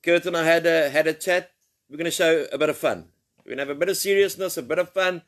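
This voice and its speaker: Guy hosting, kinda high voice, teasing everyone and laughing. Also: fast talker, fairly bright tone. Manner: teasing, banters and laughs a lot. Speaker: host. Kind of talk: joking live-stream chat.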